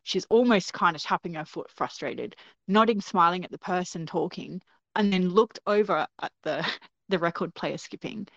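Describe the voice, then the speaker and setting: A woman telling a personal story in a casual, animated way, acting out the voices she quotes. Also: on the low side, normal speed, vocal fry, dry recording. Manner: animated, acts out quoted voices, laughs often. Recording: dull, dry lo-fi recording.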